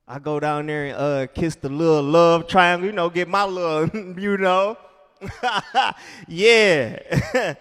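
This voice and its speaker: A stand-up comedian with a high voice performs his set on a comedy club stage in a hall. His storytelling is animated, and he acts out characters.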